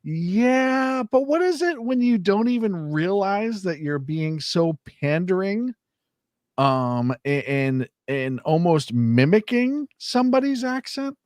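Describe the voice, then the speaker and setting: A man speaking on a close studio mic, his voice sitting a little high and swinging widely in pitch as he argues his point. He presses hard and keeps asking rhetorical questions, and the sound is dry with no room around it. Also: sing-song, takes it slowly, darkish tone, no room sound. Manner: emphatic, indignant, rhetorical questions. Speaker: podcast co-host. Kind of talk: opinionated political commentary.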